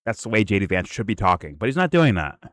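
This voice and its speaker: A male host with a somewhat low voice reacts to a clip in casual commentary. He rambles, restarts his sentences and swears in disbelief. The sound is close and dry, with no room echo. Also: sing-song, fast, a bit bright. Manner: incredulous, profane, rambling with restarts.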